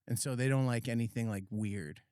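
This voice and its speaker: A man co-hosting a podcast, telling a relaxed anecdote in an easygoing way. His voice sits at an ordinary middle pitch, recorded close and dry in a studio. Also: clean tone, no room sound. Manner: easygoing, quick to laugh and agree. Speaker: podcast co-host. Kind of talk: casual chat.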